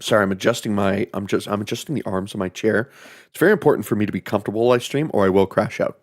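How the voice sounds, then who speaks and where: A man's voice: lowish voice, lively intonation, fairly quick. A man streaming a horror game, joking and swearing as he reads the game text aloud. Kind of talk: casual game commentary.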